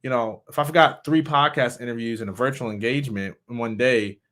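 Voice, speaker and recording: A man who is a motivational speaker, talking candidly in a reflective, halting way, often restarting his sentences. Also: mid-range voice. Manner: candid, halting, with many restarts and soft laughs. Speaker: motivational speaker and suicide survivor. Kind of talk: personal reflective talk.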